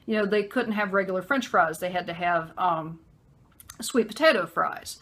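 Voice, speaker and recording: A woman telling a personal story in a conversational vlog, with many fillers and pauses. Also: fairly low pitch, a bit bright. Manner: acts out a harsh man's voice in quotes. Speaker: vlogger.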